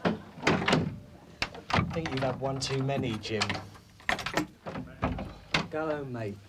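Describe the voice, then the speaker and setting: A man's voice: mid-range voice, very slow. An actor playing a well-off, educated man at a bar in a TV drama, breezy and coaxing. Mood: sheepish. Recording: hissy old TV recording.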